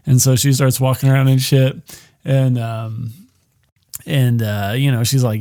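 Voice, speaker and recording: A man rambles through a movie review in a loose, profane monologue full of jokes. His voice sits at an ordinary middle pitch. It is recorded dry and close, with no room sound. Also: fairly even intonation, moderate pace, dark tone, dry recording. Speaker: movie podcast host.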